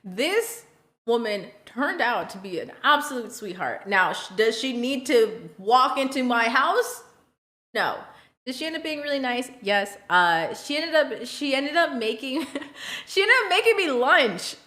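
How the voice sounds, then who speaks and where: A woman streamer tells a story to her chat in an animated, blunt way, swearing freely and often breaking into laughter. Her voice sits high and sounds bright and sharp. The recording has a roomy echo. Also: a little slow.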